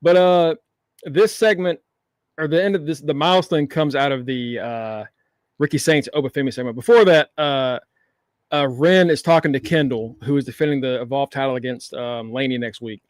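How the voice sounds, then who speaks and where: A man co-hosting a casual wrestling recap, relaxed and quick to laugh. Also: medium pitch, dry recording, studio quality. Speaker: podcast co-host.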